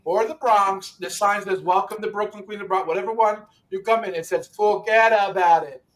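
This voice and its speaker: Brash high-voiced New York man. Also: steady tone, a little fast, far from the mic. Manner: brash, loud and repetitive, swearing often. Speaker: livestream host. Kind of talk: casual profane chat.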